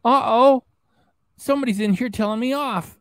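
A man's voice: on the high side, normal speed, no room sound. A man hosting a livestream reaction show, reading viewer chats in a mocking, rambling way. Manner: mocking, rambling, repeats himself. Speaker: host.

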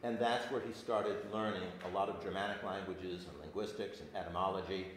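A man's voice: deep voice, brisk, a little hiss or hum. A man teaching an adult class, reading old verse aloud and explaining it in an informal lecture, often stopping and restarting. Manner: animated, stops and restarts often. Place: church classroom. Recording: echoey room.

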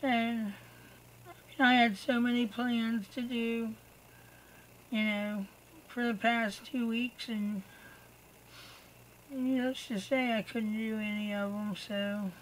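An exhausted woman giving a personal video update to her viewers, halting and trailing off mid-sentence. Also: on the high side, fairly even intonation, a little hiss or hum, rough recording. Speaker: vlogger.

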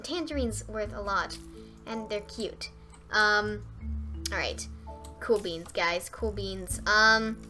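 A young woman streaming a fishing game live, chatting straight to her viewers and breaking into squeals and shouts when she gets excited. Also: medium pitch. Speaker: gaming streamer.

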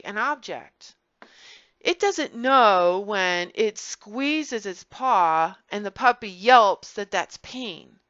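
A woman vlogger talking to camera, explaining and telling stories in an earnest, animated way. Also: medium pitch, clean tone, no echo, lo-fi sound. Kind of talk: personal vlog commentary.

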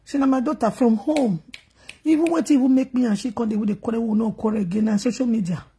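A woman's voice: a little high, quick pace, warm tone, breathy edge. A middle-aged Nigerian woman vlogging, wailing and chanting in grief before telling a sad story in gossip style. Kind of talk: emotional lament and gossip.

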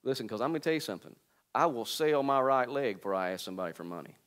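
A pastor in his forties preaching a sermon. He jokes with the congregation and calls out to them, swinging between quiet, low asides and loud, high preaching. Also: lively intonation, very fast, clean tone. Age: 40s. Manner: joking and calling out to the congregation.

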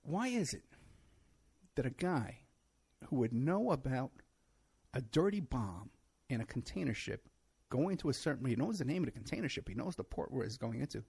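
A man's voice: mid-range voice, very animated, normal speed, gravelly, pauses often, darkish tone, husky. A middle-aged man hosting his own show, delivering a rambling, sarcastic solo monologue and laughing at his own points. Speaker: show host.

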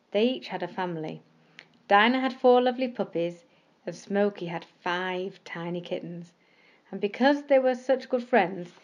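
A woman with a mid-pitched voice narrates a bedtime story gently and expressively. She draws out the words she wants to stress. The recording is slightly muffled and lo-fi. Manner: gentle, expressive, slowing for emphasis.

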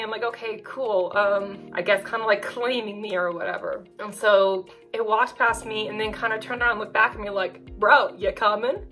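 A woman telling a personal story in a chatty, animated way with lots of casual fillers. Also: medium pitch, low-quality recording.

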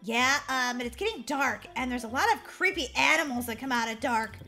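Brief: woman voicing hyper little girl, high, very bright, chatty game role-play. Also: a little fast, soft background music. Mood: playful. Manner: chatty, excitable, talks to herself, giggly. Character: excitable young girl Molly. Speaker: roleplay gamer.

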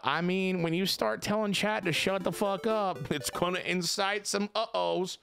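Male streamer, bright and slightly high voice, loose, profane, joking live-chat delivery. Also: moderate pace, creaky, hardly any pauses, clear, resonant tone, faint music behind. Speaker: game streamer.

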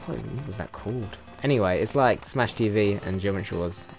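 A man with a British accent giving sarcastic, profanity-laced commentary while playing a video game, often breaking into loud excited yelps. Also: fairly low pitch, brisk, faint music behind. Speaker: let's play host. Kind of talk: casual gameplay commentary.

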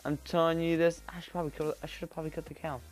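A man giving chatty let's-play commentary, rambling and getting excited as he plays. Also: a little high, rapid-fire. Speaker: gameplay commentator. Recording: quiet background music. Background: faint background music.

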